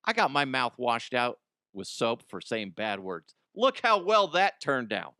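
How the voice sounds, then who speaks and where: A man's voice: mid-range voice, very animated, unhurried, bright, forceful tone, dry recording, studio quality. A man in his forties hosting a comedy podcast, rambling in a casual, profane monologue. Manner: profane, rambling, laughs at own jokes.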